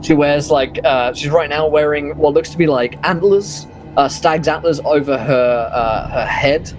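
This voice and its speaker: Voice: mid-range voice, measured pace, faint music behind, rough recording. A game master narrating a tabletop game, rambling with many ums and likes.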